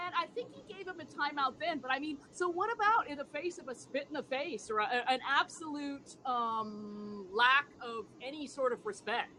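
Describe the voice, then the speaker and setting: A woman's voice: high-pitched, animated, moderate pace, sharp tone, slight background noise. A woman hosting a casual chat, telling a story in a chatty way, laughing often and checking in with "right?". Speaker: host.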